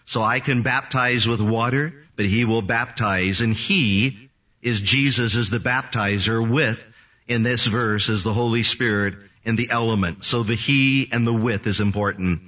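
A man's voice: mid-range voice, steady tone, unhurried, bright, forceful tone. A man preaching a verse-by-verse Bible teaching sermon. He reads the scripture aloud and then explains it. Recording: distant, dull lo-fi recording.

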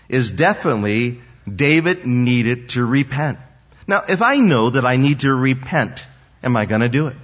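A man preaching a sermon as pastor, swinging between loud emphatic highs and quiet dropped lows. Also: breathy edge, dull audio.

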